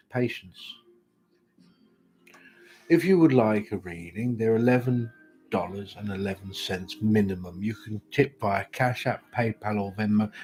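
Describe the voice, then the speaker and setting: A man's voice: on the low side, dark tone. A British man hosting a live tarot-reading stream, chatting casually with dry, self-mocking humour. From Britain. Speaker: tarot reader host.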